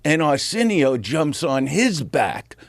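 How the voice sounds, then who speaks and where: A middle-aged man, a comedian telling a story as a podcast guest in a brash, profane, animated way, acting out what people said. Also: a little high, takes it slowly, no echo, clean studio sound. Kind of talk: casual storytelling.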